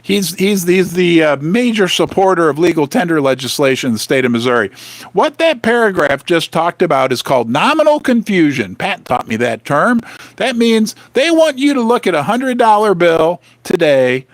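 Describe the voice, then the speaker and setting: A man hosts a livestream, delivering sarcastic, emphatic commentary as he reads the news aloud. His voice sits high and jumps around a lot, and it is recorded dry and close with no room sound. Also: very animated, moderate pace, dry recording. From United States. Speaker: host.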